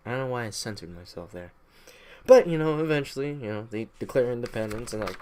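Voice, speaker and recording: On his home-mic podcast, this young host tears through a comedic history recap, crude and irreverent, putting on slangy impressions along the way. His pitch is medium, his delivery lively and fast, and his tone a touch mellow.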